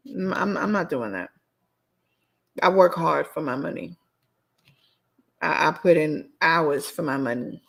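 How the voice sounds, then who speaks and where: A woman's voice: fairly low pitch, gravelly, slightly rough. A woman hosting her own podcast, ranting bluntly and sassily in a solo show while answering her live chat. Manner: blunt, sassy, repetitive ranting. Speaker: podcast host.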